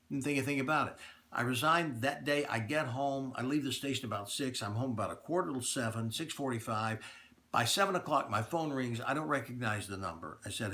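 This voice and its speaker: A man's voice: mid-range voice, brisk, sharp tone. A middle-aged man, a radio talk show host, speaking straight to his listeners in a plainspoken announcement, stressing points by repeating them. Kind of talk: direct-to-listener announcement monologue.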